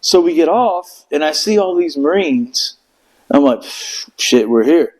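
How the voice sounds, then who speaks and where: A man's voice: fairly high pitch, expressive, a little slow, rough recording. A middle-aged man, a veteran, telling a long story in casual podcast chat, cursing freely and breaking into voices of the people he describes. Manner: profane, rambling storyteller who acts out voices. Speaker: veteran telling war stories.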